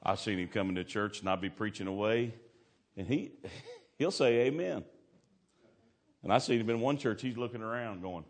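A man preaching a sermon in church, telling folksy stories with laughing asides and swinging between loud and hushed. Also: on the low side, fairly quick. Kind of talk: sermon with storytelling.

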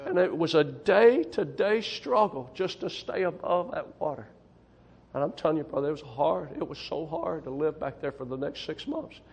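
A man's voice: on the high side, big pitch swings, normal speed, creaky, a little mellow, slightly rough. A man preaching a testimony sermon as a missionary to a church congregation, folksy and emphatic, often repeating himself for stress. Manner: folksy, emphatic, repeats "I'm telling you".

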